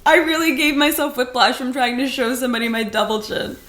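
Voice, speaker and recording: A young woman from California co-hosting a podcast, chatting casually with an animated, expressive manner and frequent swearing. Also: high voice, brisk, roomy sound. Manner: animated, swearing, laughing often. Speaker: podcast co-host. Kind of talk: casual chat.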